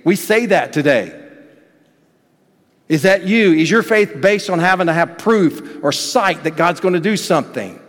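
A man's voice: sits high, expressive, unhurried. Preaching man in a reverberant hall. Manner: dynamic preaching, swinging from hushed to loud. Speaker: pastor. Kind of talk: sermon.

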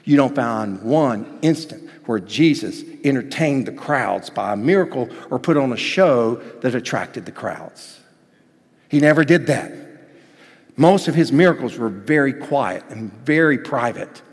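A man's voice: mid-range voice, expressive, unhurried, slightly rough. Preaching man in a reverberant hall. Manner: dynamic preaching, swinging from hushed to loud. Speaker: pastor. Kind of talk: sermon.

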